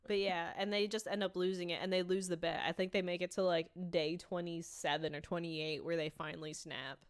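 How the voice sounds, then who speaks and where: A woman's voice: lowish voice, a little fast, clean tone. A woman co-hosting a podcast, chatting casually and retelling scenes with lots of "like" and acted-out quotes. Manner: animated storytelling, acting out quoted lines with filler "like". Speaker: podcast co-host. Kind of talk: casual chat recapping a sitcom.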